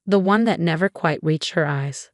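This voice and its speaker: A woman narrating a first-person story in a steady, measured way. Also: lowish voice, no echo, clean studio sound.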